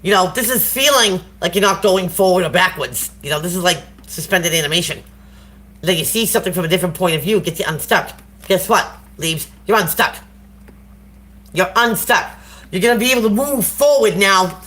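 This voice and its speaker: A woman's voice: on the low side, lively intonation, a little fast, a bit bright. A woman giving a casual live tarot reading to viewers on a phone, talking in a slangy, encouraging way. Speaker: tarot reader.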